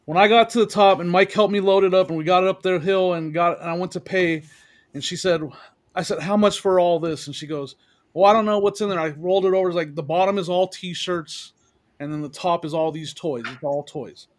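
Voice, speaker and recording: A man with a high voice talks excitedly in a casual chat, trading stories about deals. He is speaking over a video call. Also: brisk. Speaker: reseller on a panel.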